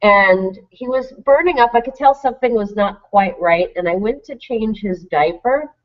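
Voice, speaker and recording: A woman chats in a middle pitch and tells her story with lively animation. She acts out the lines of everyone in it. The audio is dull and lo-fi, like an old webcast. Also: normal speed. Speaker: co-host. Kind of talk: casual chat.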